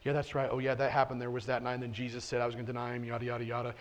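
A man's voice: medium pitch, monotone, rapid-fire, voice pushed down, lightly acted. A brash, hard-headed male apostle, voiced by a preacher in his own voice. He waves things along in an offhand, brushing-off way, as if recounting an old story over someone's shoulder.

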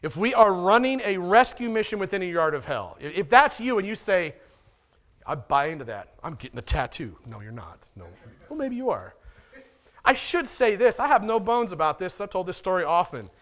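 A man with a high-pitched voice preaches a sermon to his church. He speaks directly and conversationally, often asking questions of his listeners. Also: big pitch swings, normal speed, fairly bright tone. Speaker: pastor.

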